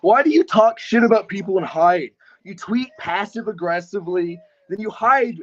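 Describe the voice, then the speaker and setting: A man's voice: high voice, lively intonation, normal speed, a bit bright, highs cut off. A man taunting and goading a rival in a heated online voice chat, in a mocking tone. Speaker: streamer calling in to a rival's stream. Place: online voice call.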